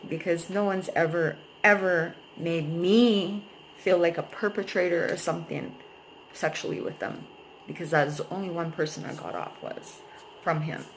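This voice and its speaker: A woman's voice: on the low side, steady tone, moderate pace, slight background noise, low-quality recording. A young adult woman vlogging, venting at length about a painful breakup in a rambling, emotional way and swearing freely. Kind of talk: personal venting vlog.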